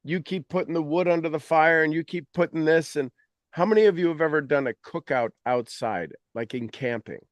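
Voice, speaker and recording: A man talking as a mentor, coaching his audience in an animated, teasing way and acting out their complaints in quoted voices. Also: on the high side, a little fast, dry recording, highs cut off. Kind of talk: motivational coaching talk.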